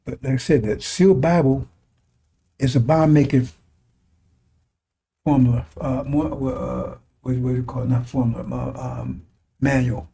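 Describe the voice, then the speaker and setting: A man's voice: medium pitch, steady tone, a little slow, gravelly, pauses often, mellow, breathy edge. A man preaching a fiery religious broadcast sermon, scornful and mocking, often laughing and repeating his phrases.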